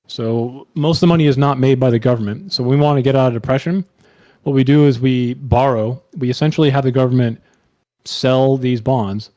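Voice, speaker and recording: A man's voice: medium pitch, dark tone, dry recording. A man hosting a casual online debate over a voice call, explaining at length and swearing bluntly.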